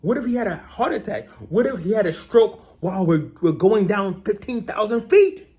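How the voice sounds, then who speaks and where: A man tells a story to his viewers in a casual monologue. His voice swings lively up and down as he dramatizes events. He keeps checking in with the listener by asking "right?". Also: high-pitched, normal speed. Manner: animated, repeats "right?" often, dramatic retelling. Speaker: vlogger.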